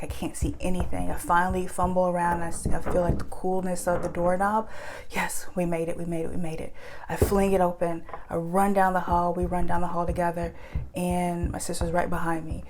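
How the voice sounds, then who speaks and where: A woman's voice: on the low side, background noise. A woman telling her own true ghost story in a vivid present-tense retelling, with casual fillers. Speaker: eyewitness storyteller.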